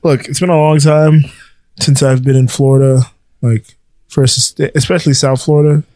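In a clean, dry studio recording, a man co-hosting a podcast chats casually at a moderate pace in a mid-range voice. He's an animated storyteller who swears freely and laughs a lot.

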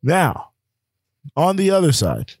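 A man's voice: a little high, wildly swooping pitch, takes it slowly, breathy edge, no echo, studio quality. A man co-hosting a casual sports talk show, running through rankings and scores with lots of fillers. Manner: rambling, filler-heavy rundown of rankings. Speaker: sports podcast co-host.

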